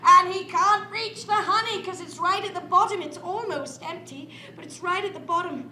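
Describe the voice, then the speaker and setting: A woman storyteller spins a tale for children with playful, animated delivery and sound effects. Her high, bright voice moves slowly and rings around a roomy library space with faint background noise. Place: library room. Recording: echoey room.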